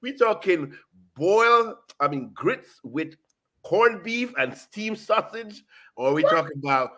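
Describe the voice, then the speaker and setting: Upbeat guy hosting a food show, bright tone, voice jumps all over. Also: takes it slowly. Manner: lively, hyped, lots of "you know" and "boom". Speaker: show host. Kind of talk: casual food chat. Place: South Florida.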